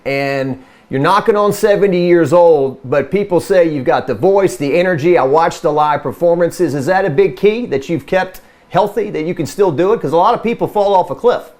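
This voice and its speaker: A man's voice: a little high, expressive, normal speed, few pauses, a little mellow. A male talk show host asking a guest direct, friendly questions in a casual interview.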